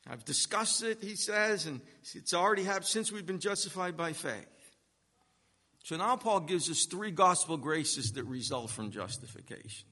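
A pastor preaching a sermon, slow and emphatic, with long pauses and rising swells of force. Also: male voice, fairly high pitch, lively intonation, sharp tone, in a large hall.

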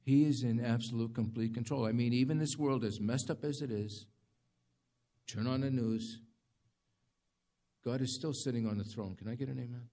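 Man preaching a lively sermon. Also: mid-range voice, moderate pace, long pauses. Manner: dramatic, conversational preaching with rising emphasis. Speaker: pastor.

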